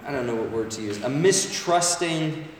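A man's voice: mid-range voice, expressive, moderate pace, recorded from a distance, a little hiss or hum. Man preaching in an echoey hall. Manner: conversational, asks the crowd "right?" often. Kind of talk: sermon. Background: congregation calling back.

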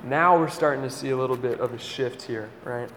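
A young man giving a conversational campus sermon, telling a lively personal story and often asking "right?". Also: medium pitch, brisk, reverberant, long reverb tail, slight background noise. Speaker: campus ministry speaker.

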